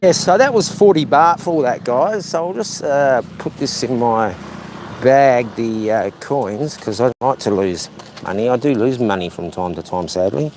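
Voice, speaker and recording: A man's voice: mid-range voice, moderate pace, a little mellow, slight background noise. A man casually vlogging outdoors while walking the streets, chatting and rambling to his viewers. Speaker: travel vlogger.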